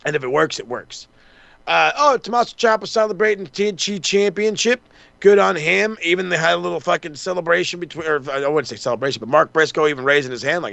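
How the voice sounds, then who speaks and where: A man's voice: on the high side, brisk, creaky, bright, forceful tone, no echo. A man co-hosting a wrestling podcast, rambling through a casual recap, swearing freely and acting out the wrestlers' lines. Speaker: podcast co-host.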